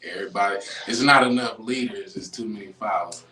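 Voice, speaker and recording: A man's voice: lowish voice, fast talker, bright, forceful tone. A man chatting casually on a podcast, mostly adding short agreeing remarks. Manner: chimes in with short backing remarks. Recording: roomy, distant mic.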